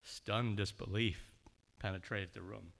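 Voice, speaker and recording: A man's voice: fairly low pitch, steady tone, unhurried, gravelly, fairly bright tone. A man preaching a sermon, telling a story with feeling and briefly voicing the characters.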